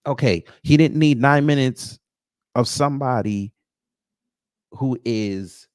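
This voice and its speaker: Speaking slowly in a smooth, darkish, medium-pitched voice, a man hosts a livestream and greets viewers from chat by name. His remarks carry a sarcastic, mocking bite, and the recording is dry with clean studio sound.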